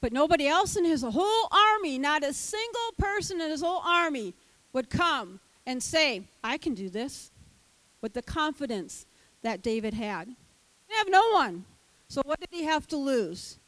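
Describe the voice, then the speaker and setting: An older woman who teaches Sunday school, giving an animated sermon and acting out the voices of the characters. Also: high-pitched, normal speed, no echo, rough recording.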